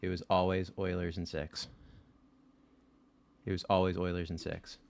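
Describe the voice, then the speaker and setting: A man hosting a live stream, chatting casually and excitedly with his viewers and swearing freely. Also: low voice, moderate pace, slight background noise. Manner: excitable, swearing, talking straight to chat.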